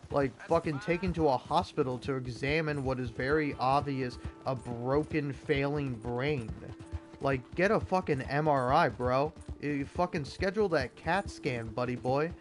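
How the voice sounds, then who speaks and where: A man's voice: mid-range voice, moderate pace, faint music behind. A young man giving a sarcastic, profane rant while reading an article aloud. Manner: profane, sarcastic, exasperated ranting. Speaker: gaming video creator. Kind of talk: ranting commentary reading an article.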